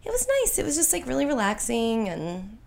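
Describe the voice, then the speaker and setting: A woman's voice: fairly high pitch, wildly swooping pitch, brisk, gravelly, darkish tone. A young woman chatting casually with a friend, telling stories and laughing often. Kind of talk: casual chat.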